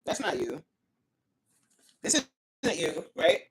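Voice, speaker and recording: A woman talks to her viewers over a phone livestream from home, her voice lower than most and swinging widely in pitch. She reads comments aloud and grumbles about the stream cutting out, in a loose, chatty way. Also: expressive, slow, slight background noise. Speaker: livestream host reading chat. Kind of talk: casual livestream chat.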